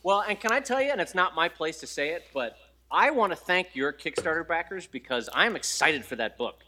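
Man, podcast co-host, casual funny stories, high voice, lively pitch, very bright tone. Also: a little fast, slight background noise. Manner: jokey storyteller, mock accents and voices. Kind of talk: casual chat.

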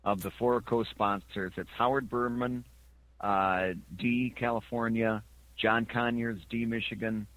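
Male co-host, lively and bright, close dry mic. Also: medium pitch, measured pace, no echo, rough recording. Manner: lively, laughs easily. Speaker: podcast co-host. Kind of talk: casual podcast chat.

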